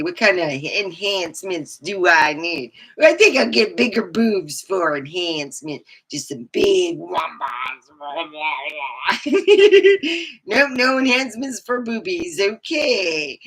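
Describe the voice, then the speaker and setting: A middle-aged woman chatting on a casual livestream, rambling and animated, with sudden high whoops. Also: low-quality recording. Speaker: livestreamer and comedy chat host.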